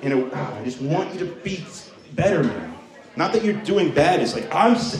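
Crude stand-up comic, echoey club. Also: male voice, a little high, very animated, normal speed, crowd noise. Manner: crude, laughing at own jokes. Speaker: stand-up comedian. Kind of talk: stand-up set with crowd work. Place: comedy club stage. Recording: echoey room, mic from distance.

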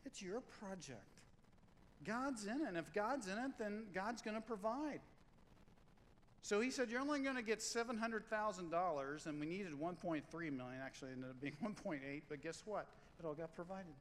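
A middle-aged man preaching a sermon as pastor, lively and joking, repeating lines for emphasis. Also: high-pitched. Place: church sanctuary. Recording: long hall reverb, faint room noise.

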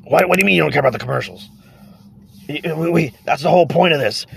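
A man doing a gravelly fast-talking co-host. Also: a little high, expressive, a little hiss or hum, pitched above the performer's own voice. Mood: insistent.

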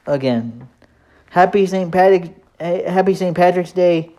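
A man's voice: high-pitched, measured pace, warm tone. A man hosting his own podcast, talking in a casual, easygoing solo monologue that rambles with frequent hesitations. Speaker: podcast host.

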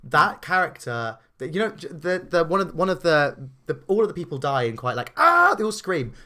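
A man co-hosting a casual podcast chat, animated and indignant, with stammering restarts. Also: a little high, a little fast. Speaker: podcast co-host.

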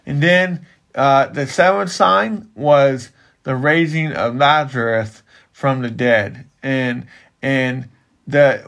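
A slow, unhurried man with a gravelly, creaky voice, teaching scripture in casual conversation. He stops and restarts his sentences often, circling toward what he wants to say. He talks things through at an easy pace. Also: mid-range voice, a bit bright. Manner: halting, repeats himself while building to a point. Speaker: Bible teacher and podcast co-host. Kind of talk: casual Bible teaching chat.

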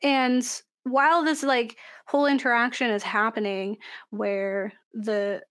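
A young woman chatting casually on a podcast, animated, laughing often and filling her talk with likes and ums. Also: fairly high pitch, a little slow, clean tone. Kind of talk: casual chat.

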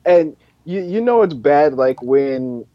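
A man co-hosting a casual wrestling podcast in a relaxed way, steering the talk from one topic to the next. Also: fairly high pitch, takes it slowly, no room sound. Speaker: podcast co-host. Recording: dull, muffled dry mic.

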